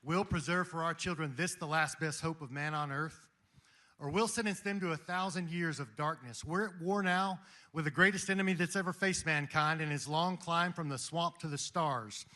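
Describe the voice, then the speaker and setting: Bright-voiced preaching man. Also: on the high side, normal speed. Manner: preaching, rhetorical, emphatic. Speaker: speaker at a Christian gathering. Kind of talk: impassioned speech to an audience. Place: room with a live audience.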